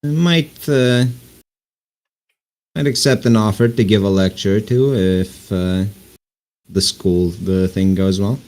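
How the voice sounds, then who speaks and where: A man narrating as game master of a tabletop game, halting with fillers. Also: lowish voice, a little mellow. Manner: halting, many fillers and restarts.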